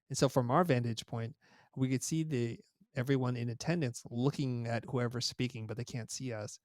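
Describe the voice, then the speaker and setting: A middle-aged man recounts a personal story as a podcast guest, his medium-pitched voice reflective and unhurried. He acts out bits of remembered dialogue. The recording is close and dry, with no room echo. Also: fairly even intonation, a little mellow. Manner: reflective, anecdotal, retells dialogue. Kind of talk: interview storytelling.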